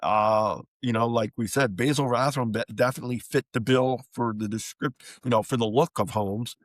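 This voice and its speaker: Male podcast co-host, plain mid voice, factual and relaxed, dry sound. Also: mid-range voice, moderate pace, no echo. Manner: matter-of-fact, reads out facts. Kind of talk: casual chat.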